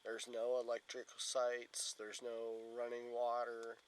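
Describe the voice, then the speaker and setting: A man's voice: mid-range voice, completely flat delivery, unhurried, clean tone, poor audio. A tired man talking casually to the camera from his tent at a campsite, rambling and yawning. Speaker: outdoors vlogger. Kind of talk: casual solo camping vlog.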